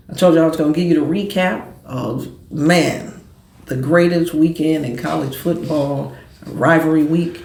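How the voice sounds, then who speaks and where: Animated gravelly sports talk host. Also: male voice, a little high, roomy sound. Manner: animated, storytelling, quick bursts. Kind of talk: casual sports and cigar chat.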